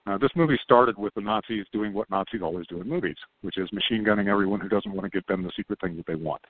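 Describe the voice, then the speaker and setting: A man on a podcast as a guest, talking in a calm, unhurried, explaining way. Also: lowish voice, dry recording. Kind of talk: casual podcast conversation. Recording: tinny phone-line sound, dry.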